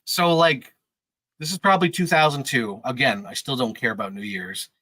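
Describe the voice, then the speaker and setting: This podcast regular, a man in his thirties, rambles through casual stories with frequent laughter and free swearing. He speaks at a normal speed in a mid-range voice that sounds pushed and bright. The recording is dry and rough.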